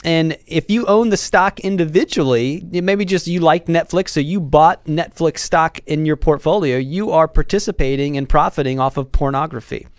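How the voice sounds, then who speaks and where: A man co-hosting a casual radio chat as a financial advisor, animated and tripping over his sentence starts. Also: a little high, normal speed, few pauses, no room sound. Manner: animated, repeats words when starting a sentence.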